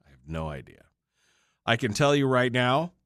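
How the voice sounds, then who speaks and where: This male radio talk show host has a clean, fairly bright mid-range voice with big pitch swings and a moderate pace, recorded at studio quality with no room sound. He's tired and yawning during a break, rambling in an off-the-cuff livestream chat and self-deprecatingly joking with chat.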